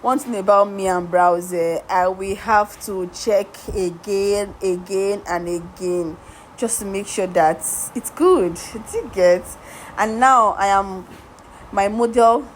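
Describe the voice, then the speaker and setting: A woman's voice: medium pitch, a little hiss or hum, rough recording. Emphatic woman makeup artist talking to viewers. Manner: emphatic, repeats words and asks viewers rhetorical questions; talks directly to viewers, coaxing and reassuring. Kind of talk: makeup tutorial voice-over.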